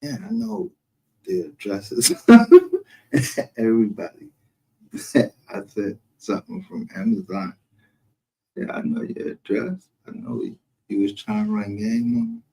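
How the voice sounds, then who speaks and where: A man's voice: mid-range voice, wildly swooping pitch, takes it slowly, creaky, pauses often, mellow. Brash, profane man. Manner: brash, profane, laughs often. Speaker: livestream host. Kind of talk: casual livestream commentary.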